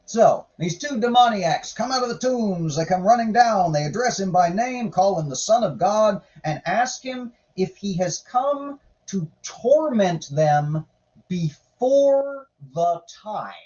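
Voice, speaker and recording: A man's voice: sits high, lively intonation, takes it slowly, darkish tone, lo-fi sound. A man giving irreverent, sarcastic casual commentary while reading scripture aloud, swearing now and then. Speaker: podcaster reading and commenting on the Bible.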